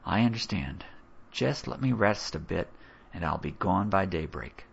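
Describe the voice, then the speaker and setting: A man voicing a wounded older uncle who speaks low, softly and wryly. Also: expressive, a little slow, gravelly, husky, lo-fi sound, full character voice. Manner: low, soft, wry.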